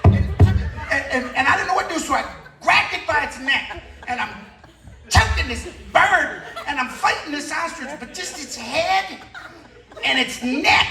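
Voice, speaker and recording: Man, stand-up comedian, animated storyteller, roomy echo, heard from afar. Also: very high voice, normal speed, over music. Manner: storytelling with shouted screams and acted-out dialogue. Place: comedy club stage. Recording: echoey club from a distance.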